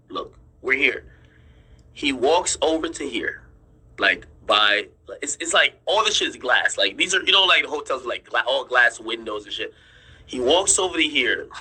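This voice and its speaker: A man's voice: mid-range voice, bright, forceful tone, slightly rough, rough recording. A man telling his viewers a story in casual chat, insistent, repeating himself and swearing freely as he explains. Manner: draws on screen while explaining. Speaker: streamer and commentator.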